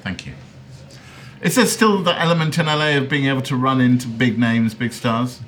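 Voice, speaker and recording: A man's voice: mid-range voice, moderate pace, fairly bright tone, slight background noise. A man hosting a podcast, chatting in a wry, playful way over lunch in a restaurant. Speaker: podcast host. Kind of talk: casual chat.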